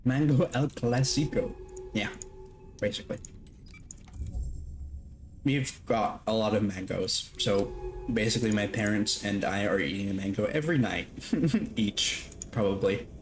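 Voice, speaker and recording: A man's voice: lowish voice, expressive, a little slow, long pauses, slight background noise. A young man streaming a game from home, chatting loosely with his audience, swearing casually and laughing often. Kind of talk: casual live-stream chat while gaming.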